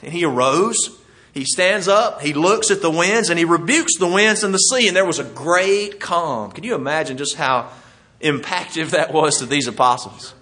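A man's voice: fairly high pitch, expressive, normal speed, sharp tone. A middle-aged man preaching a sermon in a folksy, self-deprecating way, chuckling as he tells stories.

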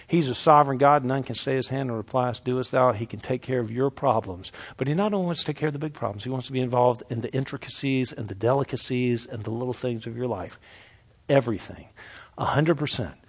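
Guy preaching a sermon, big loud lines then real quiet slow ones, plain mid voice. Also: mid-range voice, husky. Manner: dramatic scripture reading, swings from loud to hushed.

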